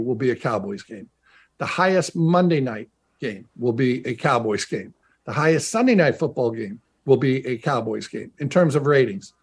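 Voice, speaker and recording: Over a video call, a middle-aged former pro football player turned broadcaster tells stories in a remote interview, restarting sentences chattily and repeating points for emphasis. His voice is mid-range with a breathy edge.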